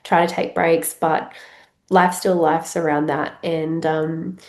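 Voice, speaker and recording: A woman's voice: sits low, little pitch movement, slow, a little mellow, echoey room. Congested Australian woman podcasting. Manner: rambling, many fillers and restarts. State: congested with a head cold. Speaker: podcast host. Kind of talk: casual solo podcast chat.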